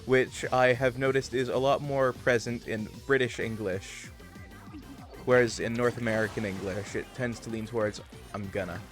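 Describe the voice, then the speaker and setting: Man, casual livestream chat, rambling and talkative, mid-pitched voice, faint music behind. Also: fairly even intonation, normal speed. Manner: chatty, digressive, muses about pronunciation. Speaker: livestream gamer. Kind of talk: casual chat to stream viewers.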